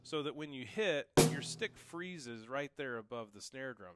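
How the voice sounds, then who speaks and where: A man's voice: medium pitch, lively intonation, normal speed, few pauses, over loud music. A young man giving a casual, encouraging drum lesson, explaining each pattern and counting it aloud. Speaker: drum teacher. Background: drum kit.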